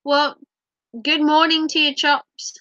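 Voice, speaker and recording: A woman's voice: high voice, little pitch movement, slow, sharp tone, no room sound, highs cut off. A middle-aged woman hosting a casual livestream, teasing viewers and reading their comments, her voice a little sore. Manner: playful, teasing, giggly. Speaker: livestream host. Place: home, streaming.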